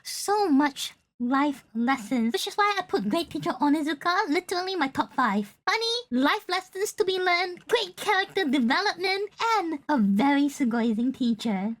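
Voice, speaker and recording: A woman streamer giving casual, gushing reaction commentary, quick to laugh and cheer. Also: high voice, lively intonation, a bit bright. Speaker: VTuber reacting to a video.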